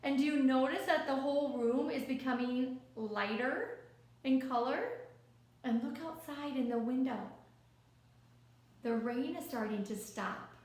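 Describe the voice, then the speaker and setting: High soft-spoken woman reading a kids picture book, slow and gentle, asks lots of questions, super echoey room. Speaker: storyteller.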